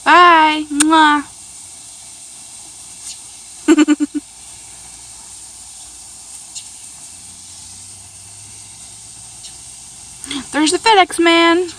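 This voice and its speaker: High-voiced chatty young mom vlogging. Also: female voice, steady tone, drawn-out words, pauses often, bright, forceful tone, slight background noise. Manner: chatty, rambling with many fillers, laughs often, coos at her children. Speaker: vlogger and mother. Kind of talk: casual home vlog. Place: outdoors at home. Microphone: handheld camera, filming one-handed.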